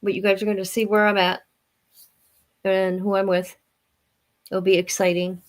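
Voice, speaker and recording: A woman's voice: medium pitch, flat delivery, normal speed, pauses often. A middle-aged woman hosting a livestream, talking in a rambling, blunt, chatty way to her viewers. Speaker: livestream host. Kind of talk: casual livestream chat.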